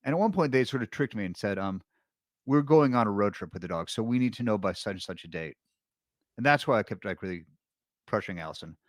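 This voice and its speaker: A man's voice: lowish voice, lively intonation, quick pace, no echo, clean studio sound. A middle-aged man, a podcast guest, telling a long personal story in casual chat, rambling with restarts and fillers.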